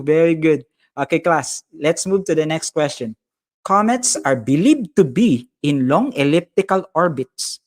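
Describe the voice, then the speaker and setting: A man with a Filipino accent teaching a live online science lesson, cheerfully greeting viewers by name and code-switching as he reads their comments. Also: a little high.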